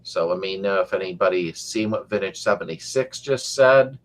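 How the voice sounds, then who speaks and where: Speaking at a normal speed in a deep voice, the middle-aged host of a car restoration channel's live chat keeps the stream casual. He reads viewer comments out loud, rambling and joking as he goes.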